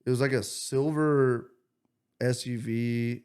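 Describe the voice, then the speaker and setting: A man's voice: medium pitch, slow pace, clean tone. A man, co-hosting a podcast, telling a story in casual chat and acting out the people in it. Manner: animated, swears freely, acts out quotes. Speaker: podcast co-host.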